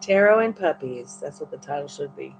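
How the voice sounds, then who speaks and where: A woman's voice: low voice, expressive, fairly quick, faint music behind, rough recording. Playful woman cooing at her dogs. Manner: playful, coos baby talk to her dogs. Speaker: tarot reader and livestream host. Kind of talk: casual livestream chat.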